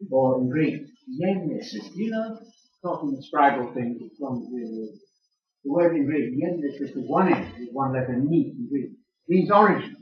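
An older man gives a lively sermon-style lecture to a church audience in a large room, teasing them and challenging them with pointed questions. His slightly high voice sounds distant in the roomy, echoey space, and the recording is dull and muffled.

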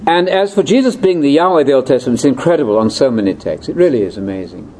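Older man, conference lecture, ad-libbed, wry asides, warm mellow tone, faint room hiss. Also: medium pitch, animated, fast, low-quality recording. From Britain. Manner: chatty, wry, with asides and laughs. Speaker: speaker at a religious conference. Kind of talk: ad-libbed lecture to a live audience.

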